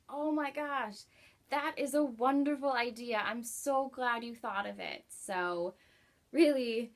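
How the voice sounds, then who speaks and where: In a book review vlog, a woman with a mid-range voice chats casually, sounding warm and enthusiastic and using lots of likes and ums.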